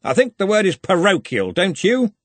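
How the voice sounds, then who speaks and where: A smug, genteel rival wizard who sounds breezily pleased with himself, as a man voices him for a storybook. His voice sits high and lilts, and it has a slightly husky grain. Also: huge pitch swings, moderate pace, no echo, full character voice. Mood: smooth. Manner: blithe, genteel, self-satisfied. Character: smooth, cheerful, smug rival male wizard.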